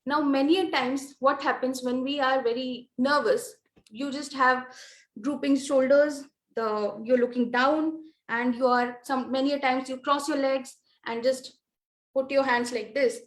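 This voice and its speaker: High-voiced woman lecturing in an echoey room. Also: fairly even intonation. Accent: Indian English. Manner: measured, explanatory with frequent fillers. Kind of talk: lecture on presentation skills.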